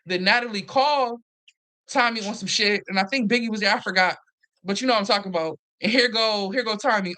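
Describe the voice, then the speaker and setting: A woman hosting a casual, animated recap chat, swearing freely and acting out what others said. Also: mid-range voice, a little fast. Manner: animated, profane, acts out quotes. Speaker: host.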